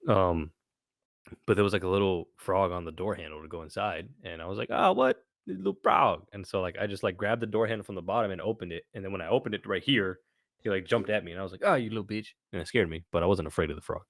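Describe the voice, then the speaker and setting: Low-voiced young man telling stories. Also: fast talker, no room sound, studio quality. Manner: animated storytelling, swears often. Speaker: podcast co-host. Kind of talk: casual chat.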